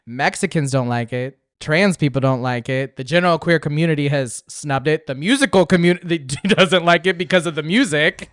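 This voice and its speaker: A man's voice: on the high side, normal speed, hardly any pauses, fairly bright tone, dry recording, studio quality. A young man co-hosting a podcast in casual chat, saying "like" a lot. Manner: chatty, lots of "like". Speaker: podcast co-host.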